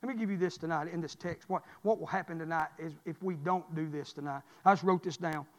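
A man preaching a revival sermon, building from quiet talk to shouting and calling for amens. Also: a little high, fast. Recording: reverberant church hall.

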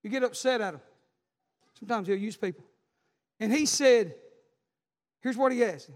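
Male pastor, very high voice, fervent shouted sermon, long church reverb. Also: normal speed. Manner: fervent, cries out and shouts in bursts.

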